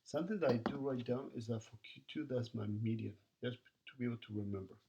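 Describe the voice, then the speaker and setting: A man's voice: medium pitch, fast, vocal fry, warm tone, highs cut off. A man teaching a recorded math lesson, talking to students as he works through problems and counts the numbers aloud.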